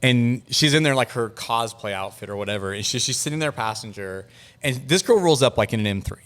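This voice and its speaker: A man as a guest on a car talk show, telling stories in a rapid, animated way with lots of fillers. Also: mid-range voice. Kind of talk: casual interview chat.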